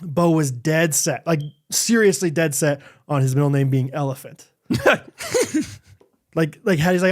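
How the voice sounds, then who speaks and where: Podcast co-host, man in his 30s, high-pitched and animated storyteller, acts out quotes, laughs a lot. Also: measured pace. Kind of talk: casual chat.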